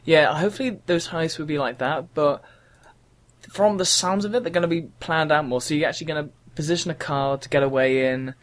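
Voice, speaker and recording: A young man chats casually on a gaming podcast, wandering through his points with frequent ums. His voice sits a little on the high side. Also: a little fast. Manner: rambling, chatty, frequent ums. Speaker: podcast co-host.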